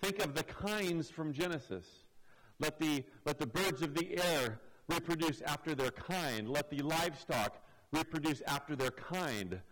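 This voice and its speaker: A man's voice: on the high side, a little slow, fairly bright tone, rough recording. A man preaching a sermon, reading scripture verse by verse and acting out the voices of the people in it. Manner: expository preaching, acts out quoted voices. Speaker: pastor.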